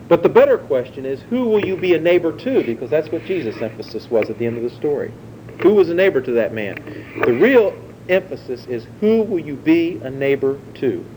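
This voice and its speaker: A man's voice: a little high, mellow, a little hiss or hum, poor audio. A man preaching a sermon, teaching in a conversational way and putting questions to his listeners.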